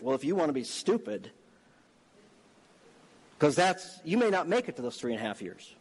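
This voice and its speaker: A man preaching a sermon with a high, ringing voice that climbs into fervent, emphatic calls. His words trail off into a long reverberating space, as if spoken in a large sanctuary. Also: big pitch swings, moderate pace, pauses often, breathy edge. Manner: emphatic, rising to fervent exhortation.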